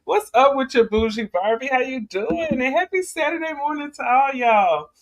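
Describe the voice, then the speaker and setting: A woman's voice: sits high, lively intonation, moderate pace. Woman vlogger chatting to her viewers, rambly and casual, lots of restarts. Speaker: vlogger host. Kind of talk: casual commentary vlog.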